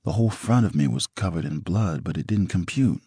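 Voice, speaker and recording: Man, deep voice, husky, animated delivery, first-person book reading, blunt. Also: a little fast, no echo, studio quality. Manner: blunt, profane storytelling. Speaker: audiobook narrator.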